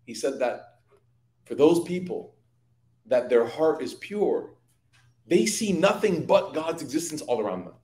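A man leads an evening study session and tells his stories with animated energy, often turning to ask the audience questions. His voice sits a little high for a man. The sound carries the roomy echo of a community hall. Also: unhurried, long pauses. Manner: lively anecdotal storytelling, addressing audience. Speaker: religious teacher. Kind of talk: evening Quran study talk.

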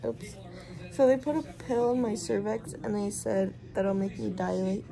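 A woman's voice: mid-range voice, measured pace, vocal fry, a crowd in the background. A nineteen-year-old woman vlogging in casual chat from a hospital room, giggly and rambling, with many filler likes.

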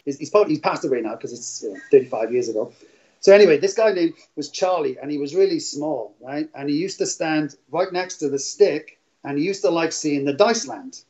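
A middle-aged man from Wales, a casino dealer telling rambling stories with frequent laughs in an interview. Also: fairly high pitch. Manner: rambling, laughs often, animated retelling. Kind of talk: casual interview storytelling. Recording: dull lo-fi audio.

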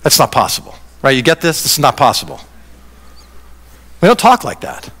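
Bright-voiced pastor preaching in an echoey church. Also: male voice, medium pitch, moderate pace. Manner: conversational preaching, animated, acts out quoted voices. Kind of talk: sermon. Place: church sanctuary. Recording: reverberant church hall.

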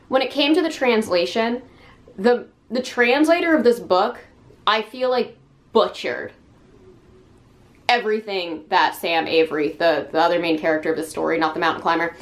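A young woman giving a frank, casual book review, talking with many fillers and sounding exasperated. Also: medium pitch.

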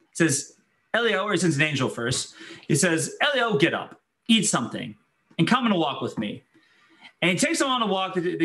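A man lectures as a rabbi in a fairly high voice that swings widely in pitch. He tells the story with energy and acts out the voices he quotes, sometimes laughing as he goes. His tone stays bright and clear.

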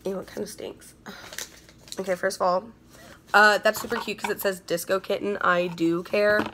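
A young woman talks straight to her camera at home as she unboxes beauty products. Her voice is bright and lively, and she gushes and repeats herself as she goes. A faint hiss runs under the recording. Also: mid-range voice, normal speed. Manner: bubbly, gushing, repeats herself. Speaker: beauty vlogger. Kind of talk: casual unboxing chat. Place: indoors at home.

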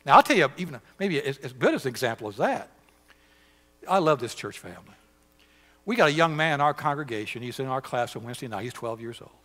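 A man preaching a sermon in a church, telling stories with lively swings between hushed asides and emphatic outbursts. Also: a little high. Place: church sanctuary. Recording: church hall with long reverb.

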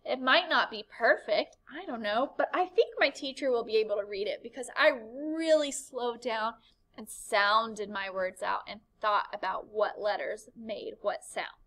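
A woman's voice: on the high side, a little slow, fairly bright tone, low-quality recording. A woman teacher giving a recorded writing lesson to young children, upbeat and encouraging, asking the class questions.

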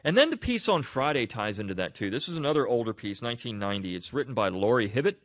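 A man's voice: medium pitch, big pitch swings, quick pace. A man hosting a weekly review show, talking casually and rambling with restarts and asides. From Delaware. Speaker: podcast host. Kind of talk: casual spoken commentary.

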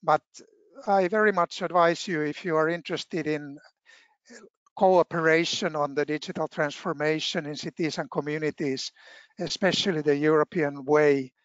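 A man giving a formal webinar presentation over a video call, measured, with frequent filler pauses. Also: a little high, steady tone, clear, resonant tone, no echo. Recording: dull, dry video-call audio.

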